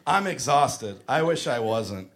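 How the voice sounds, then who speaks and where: A man doing a stand-up comedy set on a club stage, animated and breaking into shouted impressions. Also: medium pitch, a little slow, vocal fry, heavy background noise.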